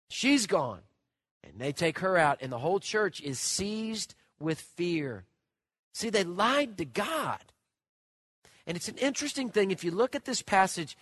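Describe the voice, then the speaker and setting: A man preaching a sermon, telling stories with animation and swinging from loud to hushed. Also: high voice, no echo. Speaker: pastor.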